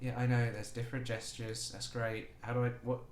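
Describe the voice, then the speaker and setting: A man's voice: medium pitch, monotone, brisk, roomy sound. Chatty swearing man narrating his game. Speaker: gaming YouTuber. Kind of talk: casual game commentary.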